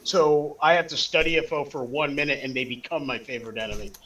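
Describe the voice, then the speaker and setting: A man's voice: fairly high pitch, fairly even intonation, fast, fairly bright tone, poor audio. A man playing in a tabletop game session, hesitantly explaining his character's moves with many fillers. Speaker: player.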